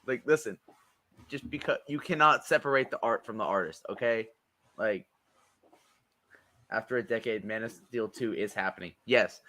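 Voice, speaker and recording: A young man with a bright, forceful voice co-hosts a podcast. He talks in loose, jokey chat, animated and quick to swear. His pitch sits in an ordinary middle range. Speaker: podcast co-host. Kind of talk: casual chat.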